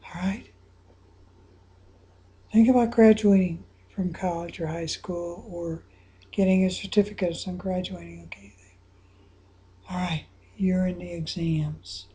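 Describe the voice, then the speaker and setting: A woman coaching listeners through a guided visualization, dropping to soft whispers and then rising to excited exclamations. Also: lowish voice, measured pace, long pauses, a little hiss or hum. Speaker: anxiety coach guiding a visualization.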